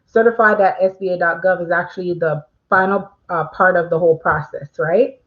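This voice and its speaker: A woman's voice: lowish voice, fairly even intonation, fairly quick, phone-quality sound. A woman hosting a casual livestream, chatting with viewers and reading their questions aloud, with frequent fillers. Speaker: livestream host.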